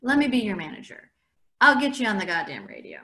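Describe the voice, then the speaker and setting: A woman's voice: medium pitch, huge pitch swings, quick pace, pushed and bright, full character voice. A woman reading aloud the lines of a restless teenage boy who teases and mocks. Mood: teasing.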